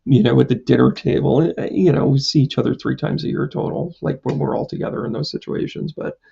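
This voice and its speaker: A man's voice: medium pitch, a little fast, vocal fry, warm tone, husky, dull audio. A man, a psychic medium, chatting casually on a live stream, rambling through a story with lots of fillers and self-mocking jokes.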